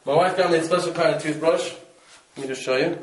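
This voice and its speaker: A man casually telling the story of his trip, animated and laughing, acting out his own exclamations. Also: on the high side, fast talker, roomy sound, slight background noise, low-quality recording. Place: rented room.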